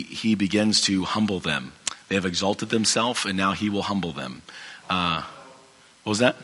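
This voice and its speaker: A man's voice: sits low, pushed and bright, husky, in a large hall. A man teaching from the Bible in a casual, conversational way, with a strained, fading voice, many fillers and restarts. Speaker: pastor.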